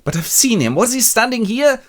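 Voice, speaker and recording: A man's voice: extremely high pitch, sing-song, normal speed, pitched above the performer's own voice. A man voicing an anxious, haunted young soldier who pleads and frets. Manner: jittery, pleading.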